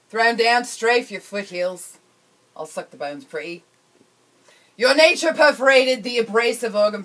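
A woman putting on a mock-Australian poetry recital. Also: on the low side. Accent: put-on Australian. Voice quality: theatrical swings between loud and hushed.

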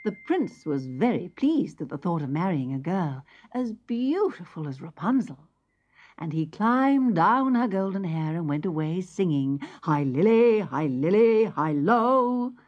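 Slow, expressive woman storyteller. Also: fairly low pitch. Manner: slow, expressive, sing-song reading with soft whispers. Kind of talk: scripted children's story narration. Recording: lo-fi tape with faint music.

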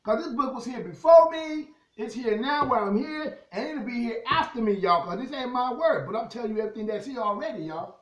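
Male preacher, high and lively delivery, reads scripture aloud, roomy and slightly muffled recording. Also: fairly quick, hardly any pauses. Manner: animated preaching, reads scripture aloud, keeps addressing the crowd as "y'all". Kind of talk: sermon.

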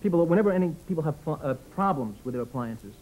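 A man's voice: on the high side, lively intonation, fast, a little mellow, slight background noise, poor audio. A man chatting as a comic guest on a talk show, rambling and self-deprecating, slipping into little acted voices. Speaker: comedian guest.

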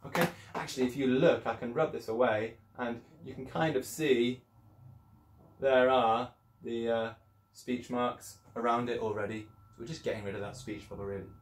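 Man, primary teacher, upbeat and encouraging, mid-pitched voice, roomy echo. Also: fairly even intonation, normal speed. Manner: upbeat, encouraging, acts out voices while explaining. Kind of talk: classroom video lesson. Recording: echoey room.

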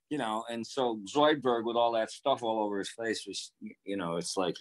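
An older man, a voice actor, answering interview questions over a video call in a relaxed, anecdotal way. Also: lowish voice, moderate pace, few pauses. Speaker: voice actor guest.

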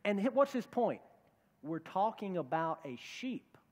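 Guy pastor preaching casual-style, kinda high voice, big echoey church sound. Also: big pitch swings, unhurried. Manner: conversational preaching, acts out quoted voices. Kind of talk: sermon. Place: church sanctuary.

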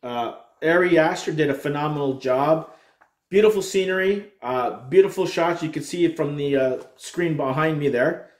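A man talks through a film review in a casual, rambling way, dropping curses and fillers as he goes. His voice sits a bit high for a man. The room around him rings with plenty of echo. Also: moderate pace. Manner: animated, profane, rambling with fillers. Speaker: movie review host. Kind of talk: casual spoken movie review. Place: room with a screen behind him.

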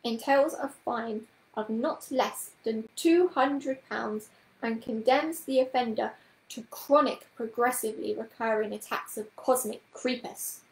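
A woman voicing Miss Price, a prim middle-aged witch with a brisk, precise, reproving manner, in a read-aloud story. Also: on the high side, echoey room, low-quality recording.

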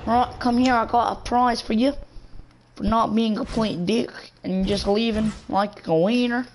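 A woman's voice: fairly high pitch, steady tone, normal speed, darkish tone. Young woman in a put-on Australian accent. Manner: cocky, teasing, calls others "mate". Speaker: gamer pranking strangers in voice chat. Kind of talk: trash-talking game voice chat. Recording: noisy game voice chat.

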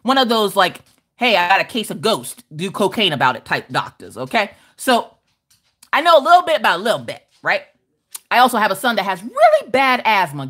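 Animated, profane woman stream host. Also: on the high side. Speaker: livestream host. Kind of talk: casual storytelling chat.

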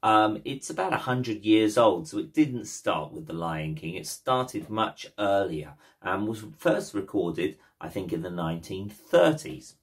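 Cheeky, slow-talking male ukulele teacher. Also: on the low side, expressive. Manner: cheeky, playful, jokey. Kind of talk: casual instructional talk.

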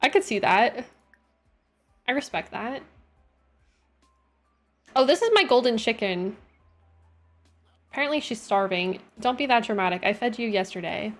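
A woman's voice: a little high, expressive, unhurried, pauses often, soft background music. A young woman chatting casually as she plays a game on stream, talking to her characters and her viewers. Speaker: gaming streamer. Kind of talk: casual gameplay chat.

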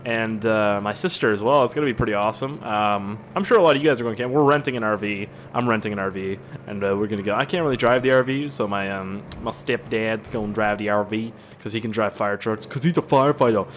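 A man's voice: fairly low pitch, quick pace, few pauses, a little hiss or hum. A young man giving rambling, crude, joking gameplay commentary that keeps getting sidetracked. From Canada. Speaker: gaming channel host.

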